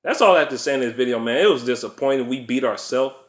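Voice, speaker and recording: A man's voice: expressive, quick pace. A man ranting about a lost basketball game, swearing often, repeating himself and laughing in disbelief. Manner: pitch jumps up sharply when worked up. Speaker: basketball fan vlogger. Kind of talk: angry game recap rant.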